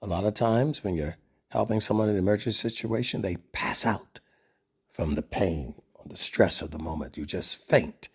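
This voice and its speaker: Low, husky-voiced male preacher. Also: moderate pace. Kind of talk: sermon.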